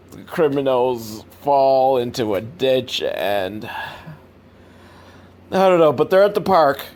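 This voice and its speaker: A man giving a comedic recap of a film, sarcastic and profane, swinging between loud incredulous outbursts and weary, deflated mumbling. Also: mid-range voice. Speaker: comedic movie reviewer.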